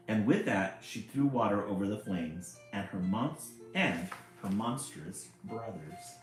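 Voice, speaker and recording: A man's voice: fairly low pitch, expressive, measured pace, few pauses. A man reading a children's picture book aloud, with chatty asides about the pictures. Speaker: storyteller. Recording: very echoey room, faint music.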